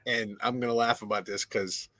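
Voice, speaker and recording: A man's voice: lowish voice, steady tone, moderate pace, sharp tone, no room sound, studio quality. A man who is a pro wrestler and trainer, telling stories as a podcast guest in a blunt, candid way with plenty of swearing. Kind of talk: casual interview storytelling.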